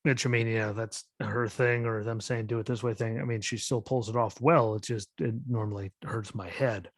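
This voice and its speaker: A man's voice: fairly low pitch, steady tone, normal speed, no echo, studio quality. A man hosting a solo wrestling podcast, talking in a skeptical, exasperated rant full of "like" and "literally". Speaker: podcast host.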